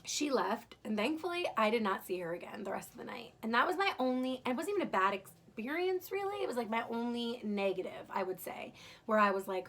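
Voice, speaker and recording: A woman's voice: on the high side, expressive, quick pace, fairly bright tone. A young woman candidly recounting her birth story in casual, emotional storytelling, swearing freely.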